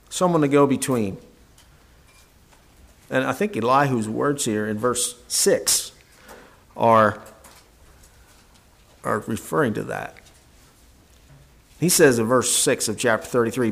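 A man's voice: fairly low pitch, slow, vocal fry, long pauses. A man preaching a sermon, reading old-fashioned scripture verses aloud and then explaining them in plain words with frequent restarts.

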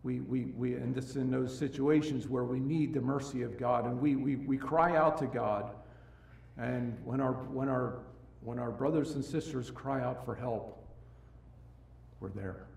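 Recorded from a distance in a roomy, echoing church, a gravel-voiced man preaches at a moderate pace with fairly even intonation overall. He alternates between quiet, low passages and loud, emphatic rises, often restarting a thought and saying it again.

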